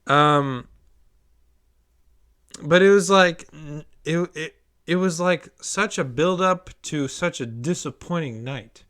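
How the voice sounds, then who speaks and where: A young man in casual podcast chat, telling an animated story, acting out quoted lines and swearing freely. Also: a little high, slow. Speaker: podcast co-host.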